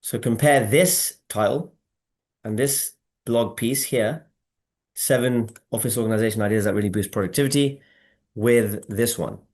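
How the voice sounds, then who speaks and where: A man's voice: fairly low pitch, normal speed. A man hosting a casual marketing webinar on a video call, talking emphatically and asking the audience to respond. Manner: animated, emphatic, asks audience for replies. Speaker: webinar host.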